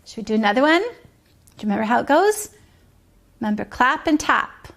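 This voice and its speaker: A woman leading a preschool circle time outdoors, talking slowly and sing-song, sometimes dropping to a whisper for guessing games. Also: fairly high pitch, very animated, vocal fry, fairly bright tone. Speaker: preschool teacher.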